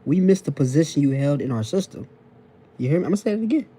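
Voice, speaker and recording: A man lectures his live-stream viewers from his phone, repeating each point and asking if they follow. His talk is loose and slangy. The voice sits a little high but sounds very dark and mellow. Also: expressive, quick pace, slightly rough. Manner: repetitive, preachy, keeps checking in with the audience; casual slang and profanity. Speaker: TikTok live host.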